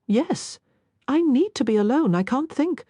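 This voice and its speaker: A woman's voice: sits high, animated, measured pace, mellow, slightly rough, dry recording, pitched above the performer's own voice, exaggerated voice. A woman voicing a bewildered young woman whose voice wavers and catches, breathless and close to tears. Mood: frantic.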